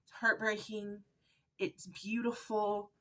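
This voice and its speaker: Casting: chatty female book vlogger, emotional, mid-pitched, at home. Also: little pitch movement, slow, bright, forceful tone. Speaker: book reviewer. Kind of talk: casual book review vlog.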